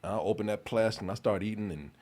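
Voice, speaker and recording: A man hosting a podcast, telling a story in a casual, animated way, laughing often and getting loud when he quotes people. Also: lowish voice, fast. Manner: animated, laughs often, shouts when quoting his brother. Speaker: podcast host.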